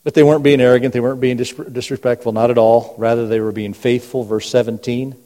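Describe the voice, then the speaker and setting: A pastor preaching a sermon, firing rhetorical questions and swinging between booming emphasis and hushed, low asides. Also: male voice, flat delivery, fast. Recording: long hall reverb.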